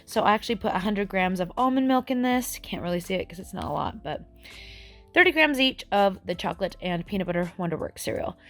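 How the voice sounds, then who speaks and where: A woman in her forties talks through her meals in a casual vlog, recorded on a phone camera. Her voice sits at a middle pitch and often sounds a little out of breath. Faint music plays quietly in the background. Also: expressive, quick pace. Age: 40s. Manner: chatty, often a bit breathless. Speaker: vlogger. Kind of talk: casual food diary vlog. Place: various rooms and a dance studio.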